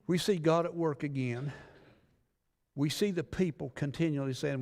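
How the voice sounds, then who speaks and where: A man's voice: mid-range voice, steady tone, moderate pace, creaky. A man preaching a sermon, reading scripture and retelling the story in a folksy way, acting out the people in it. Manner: folksy storytelling, acts out biblical voices. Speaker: pastor. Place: church sanctuary. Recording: long church reverb.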